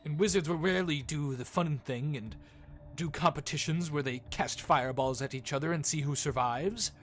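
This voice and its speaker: A man's voice: a little high, moderate pace, a bit bright. A man narrating as dungeon master, casual and laughing, with frequent fillers. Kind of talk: narrating a tabletop game.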